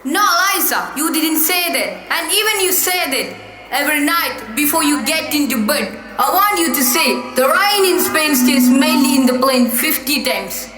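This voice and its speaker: A student actress playing a bossy, impatient male phonetics professor who drills his pupil with sharp commands in a school stage play. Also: high voice, animated, moderate pace. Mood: bossy drilling. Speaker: student actor. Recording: echoey stage hall with music.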